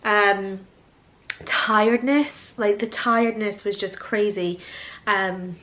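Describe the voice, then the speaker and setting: A woman's voice: mid-range voice, steady tone, takes it slowly, a bit bright. A young woman chatting casually to a handheld camera at home, emotional and close to tears, rambling with many ums. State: teary and tired. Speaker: vlogger. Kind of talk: casual vlog chat. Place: at home indoors.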